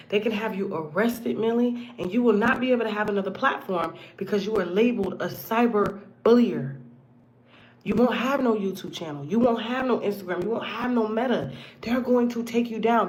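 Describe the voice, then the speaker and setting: A woman hosting her own show, giving blunt, profane commentary in a casual monologue that swings between loud outbursts and hushed asides. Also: a little high. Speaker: show host.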